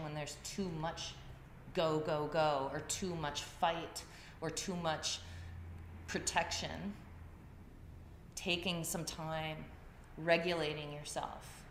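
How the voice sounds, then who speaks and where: A woman with a lowish voice runs a yoga class, telling stories conversationally as she addresses the group. The audio, captured in a classroom, carries echo, faint ambience and slight background noise.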